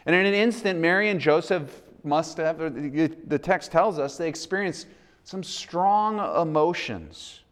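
A man's voice: on the high side, measured pace. A man preaching a sermon in a conversational, earnest way. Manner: conversational, earnest, acts out quoted dialogue. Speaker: pastor.

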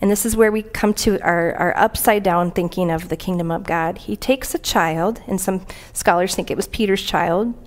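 A woman's voice: on the low side, normal speed, few pauses. A woman preaching a conversational sermon in a church, earnest and plain-spoken, reading aloud from scripture and a commentary.

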